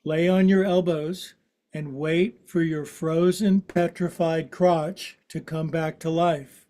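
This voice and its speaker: A man's voice: a little high, fairly even intonation, slow, warm tone. A man in his sixties leading a guided yoga class, giving instructions in a playful, joking, chatty way. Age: 60s. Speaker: yoga teacher.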